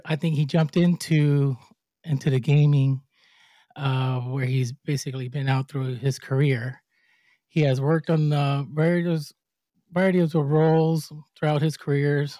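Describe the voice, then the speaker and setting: A man in a casual interview host role, speaking with a somewhat high voice and a dark, mellow tone. He talks loosely and laughs often, stumbling over his notes. The recording is close and dry. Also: dry recording. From United States. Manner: chatty, stumbles while reading a bio, laughs often. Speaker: podcast host.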